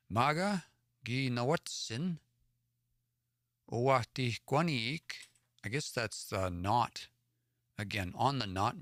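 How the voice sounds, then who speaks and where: Speaking at a medium pitch with a slightly bright tone, this Edmonton-area man runs a livestream of Cree stories from Alberta, Canada. He reads each story aloud, translates it word by word, and sounds out unfamiliar words. The sound is clean studio quality with no echo.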